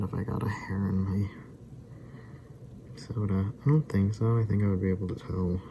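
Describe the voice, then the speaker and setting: Low, gravelly young man rambling. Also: noisy background. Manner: rambling, chuckling often, animated retelling. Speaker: vlogger. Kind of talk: casual rambling monologue.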